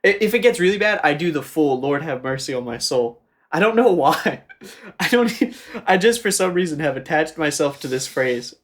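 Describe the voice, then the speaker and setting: A man's voice: a little high, expressive, normal speed, a bit bright. A young man from the American South, co-hosting a game playthrough in rambling casual chat and laughing often. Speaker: co-host. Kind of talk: casual let's-play chat.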